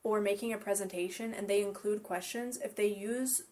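A woman co-teaches English pronunciation in a friendly back-and-forth chat. She agrees readily and keeps the lesson moving with questions in a voice of middle pitch. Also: fairly even intonation, moderate pace, darkish tone. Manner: agreeable, asks guiding questions.

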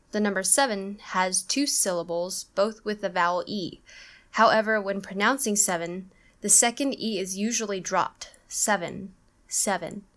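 A woman co-hosting an English-learning podcast, reading a scripted lesson and slowing down to model each sound. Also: medium pitch, a bit bright. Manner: careful, explanatory, slows down on example sounds. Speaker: podcast co-host, English teacher.

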